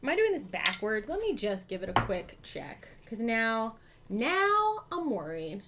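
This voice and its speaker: A woman's voice: fairly high pitch, huge pitch swings, a little slow, fairly bright tone, slight background noise. A woman hosting a live board game stream, chatting, thinking aloud about her moves and thanking her chat. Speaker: streamer host.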